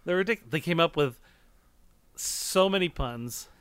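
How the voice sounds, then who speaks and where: A man on a podcast with a bright, slightly high voice that swings up and down as he laughs through quick banter. The recording is close and dry. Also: lively intonation, clear, resonant tone, no room sound. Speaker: podcast co-host. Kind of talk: casual chat.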